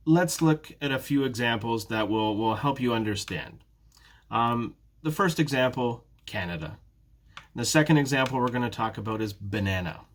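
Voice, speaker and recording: A male English teacher giving a prerecorded beginner lesson, speaking slowly and carefully and repeating words for his students. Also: medium pitch, lively intonation. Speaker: ESL teacher.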